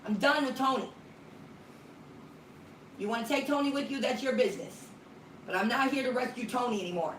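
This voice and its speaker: A woman's voice: a little high, a little fast, pauses often. A woman ministry leader on a phone call, talking firmly and bluntly while pleading. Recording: roomy room, distant mic, faint noise.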